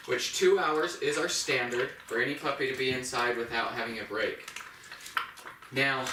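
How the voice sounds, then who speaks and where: A man's voice: recorded from a distance, noisy background. A man working as a dog trainer, giving a practical step-by-step demonstration at home. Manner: plain, practical explaining, high praise voice to the puppy. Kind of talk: instructional demonstration. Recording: roomy echo, voice off-mic.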